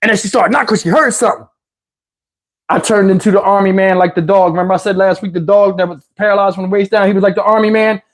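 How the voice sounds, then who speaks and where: A middle-aged man casually telling a comic personal story to his viewers, animated and slangy, with frequent restarts and asides. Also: high voice, quick pace.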